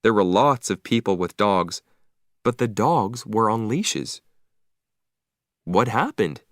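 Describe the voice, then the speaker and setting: A man narrating an audiobook for language learners in a slow, clear, deliberate reading. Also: lowish voice, expressive, no room sound, studio quality.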